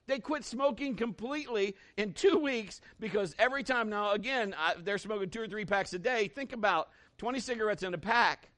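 A man's voice: high voice, brisk, few pauses, fairly bright tone. A man preaching a sermon in a folksy, conversational way, acting out little stories and quoting scripture with emphasis. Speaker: pastor.

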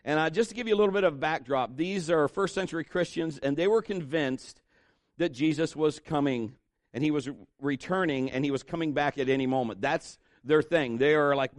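Chatty male pastor, slightly high voice. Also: brisk, no room sound, clean studio sound. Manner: conversational, joking, with asides to the congregation. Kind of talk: sermon.

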